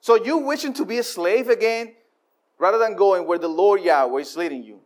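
A man preaching a sermon, animated and repeating himself as he acts out voices of the people. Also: high-pitched, a little fast. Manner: frequent repetitions and restarts.

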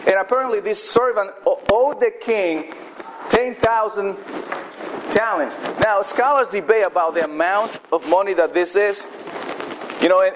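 A man with a fairly high voice preaches a sermon in a loose, conversational style. He keeps circling back with "I mean" and slows down to stress key points. A faint hiss of noise sits under the recording. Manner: conversational, repeats "I mean", emphatic slowdowns. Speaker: pastor.

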